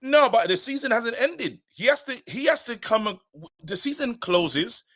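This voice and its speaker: A man's voice: extremely high pitch, measured pace. A man in his thirties, co-hosting a football fan live stream in casual, emphatic chat that repeats its points. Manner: animated, emphatic, repeats himself. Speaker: co-host of a football fan show.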